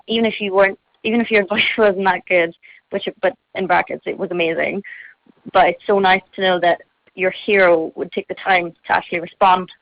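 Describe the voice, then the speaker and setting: A teenage singer gives an interview over a dull, dry phone line, chatting bubbly and casual with plenty of fillers and giggles. Her voice is fairly low and steady, and she talks briskly.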